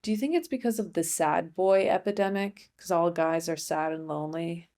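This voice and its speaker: This young comedy podcast host speaks at a moderate pace with a fairly low pitch. Her casual, rambling monologue is dotted with deadpan remarks and frequent self-interruptions.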